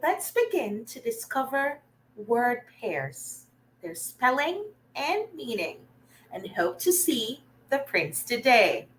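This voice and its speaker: A woman's voice: a little high, big pitch swings, slow pace, slight background noise. A woman voicing a friendly storybook guide companion, reading in an encouraging tone. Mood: hopeful.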